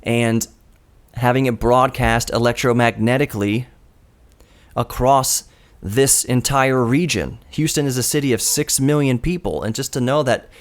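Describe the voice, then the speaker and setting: A man's voice: mid-range voice, measured pace. A man in his thirties hosting his own radio show, talking alone into a studio microphone in an earnest, storytelling way with a dry, self-mocking streak. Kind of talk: reflective solo radio monologue. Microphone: studio broadcast microphone.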